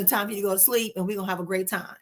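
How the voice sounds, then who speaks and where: A woman hosting a casual spiritual livestream, talking warmly to her viewers and reassuring them with slow, repeated phrases. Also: mid-range voice, steady tone. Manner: warm, reassuring, addresses viewers as "my love" and "honey"; drawn-out soothing repetitions.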